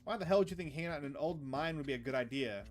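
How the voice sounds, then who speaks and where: A man's voice: a little high, expressive, racing, faint music behind, lightly acted. A man reading the lines of a responsible young woman who scolds her brother and a group of teens in a horror visual novel. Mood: scolding. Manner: lecturing, exasperated.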